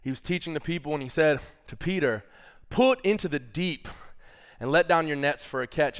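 A man preaching a lively sermon in a drawl, his voice smooth and resonant and pitched a little high for a man. He keeps things loose and playful, talking to the congregation as y'all between readings from the Bible. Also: normal speed. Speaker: pastor.

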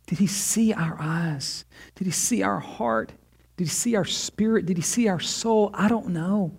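A middle-aged man preaching in a slightly high voice. He speaks earnestly, sinking low and soft on weighty lines and lifting his pitch when he voices prayers. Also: breathy edge. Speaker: pastor. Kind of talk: sermon.

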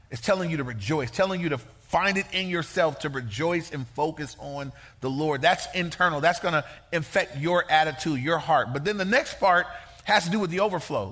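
A man preaching a sermon as pastor, in a lively, folksy, conversational way. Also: high-pitched, moderate pace.

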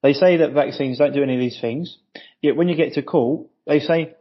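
A man's voice: on the high side, fairly quick, breathy edge. A man hosting a podcast, talking in a chatty, jokey way during a casual conversation, and he swears now and then. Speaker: podcast host. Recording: dull lo-fi audio.

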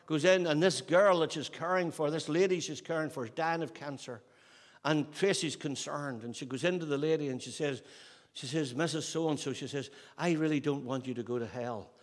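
A man preaching a sermon, swinging from fervent peaks down to soft, low pleading. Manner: rising to fervent peaks, then dropping to soft, low altar-call pleading. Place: church hall with long reverb. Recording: reverberant church hall sound.

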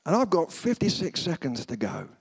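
A man's voice: fairly high pitch, moderate pace, gravelly, slightly rough. A man preaching a humorous sermon at a church service, telling stories and slipping into comic voices. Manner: animated storytelling, slips into comic voices. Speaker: guest preacher. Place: church service before a congregation.

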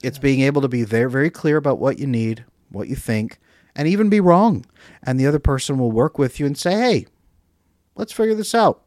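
Brief: male relationship coach, lively delivery, dry close recording. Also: mid-range voice, brisk, dry recording. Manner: animated, acts out example dialogues. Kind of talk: casual interview talk.

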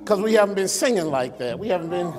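A man's voice: sits high, lively intonation, quick pace. A male pastor preaching a sermon to an online congregation, with a conversational style and frequent rhetorical questions. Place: church sanctuary. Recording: long reverb in a church sanctuary.

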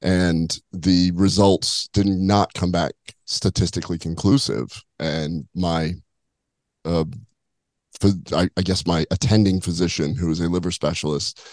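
A man co-hosting a podcast, a doctor who tells stories in an animated, enthusiastic way. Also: sits low, unhurried, no echo. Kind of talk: casual podcast interview.

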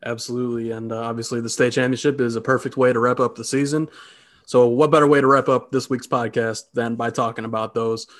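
A man co-hosting a high school sports podcast, upbeat and wrapping up segments like a host. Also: level tone. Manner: quick, upbeat, host-like wrap-ups. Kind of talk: casual sports chat.

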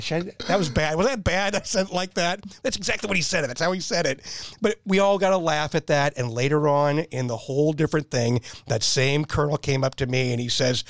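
A man telling animated stories in a casual chat and laughing at his own jokes. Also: a little high, brisk, dry recording, clean studio sound.

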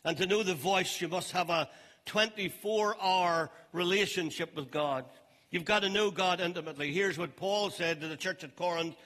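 An older man preaching a sermon as pastor, emphatic and stressing phrases slowly. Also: high-pitched, sharp tone. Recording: long reverb of a large hall.

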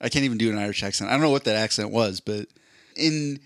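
A man's voice: fairly low pitch, fast talker, dry recording. A man co-hosting a casual comedy podcast, asking questions and spinning jokey hypotheticals. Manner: quizzing and riffing with jokey hypotheticals. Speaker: podcast co-host. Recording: dry close-miked podcast audio.

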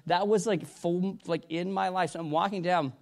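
His voice sits high with fairly even intonation as this middle-aged man gives a sermon testimony. He speaks haltingly and rambles with many restarts, shifting between loud bursts and soft, hushed recounting.

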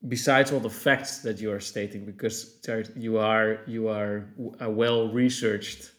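A man's voice: fairly low pitch, steady tone, unhurried, a bit bright. A man hosting a podcast interview, speaking in a reflective, appreciative way as he sums up the talk. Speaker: podcast host. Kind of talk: conversational interview.

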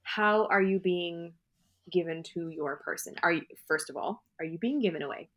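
A woman co-hosting a casual chat about weddings, chatty and animated, telling stories with laughter. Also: lowish voice, moderate pace. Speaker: wedding podcast co-host.

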